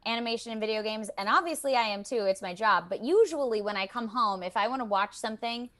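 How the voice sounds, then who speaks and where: A woman voice actor chatting as a guest in a remote interview, animated and emotional, often restarting her sentences. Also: a little high, fast. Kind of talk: casual interview chat. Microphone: video call.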